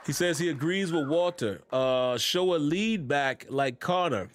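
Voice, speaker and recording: Here the man hosting the sports fan podcast has a fairly high voice and a measured pace. His delivery is casual and easygoing, with laid-back Southern-tinged slang and frequent laughter.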